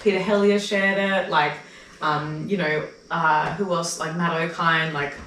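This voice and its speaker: A woman's voice: fairly low pitch, unhurried, distant mic, slight background noise. An Australian woman chats casually and animatedly, jumping into little acted-out quotes as she tells her stories. She sits well back from the mic in an echoey room. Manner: animated storyteller who acts out her own quoted lines. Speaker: comedian guest. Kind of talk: casual podcast chat.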